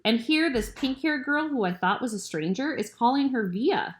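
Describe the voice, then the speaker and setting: A woman's voice: high-pitched, expressive, normal speed. A mother reading a book aloud at home as a bedtime story to her children.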